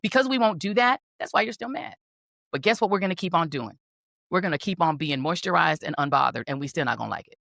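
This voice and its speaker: A woman's voice: deep voice, expressive, fast talker, gravelly, a bit bright, no room sound, clean studio sound. A woman delivering an impassioned political rant, fiery and rhetorical, hammering repeated phrases for emphasis. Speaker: political commentator.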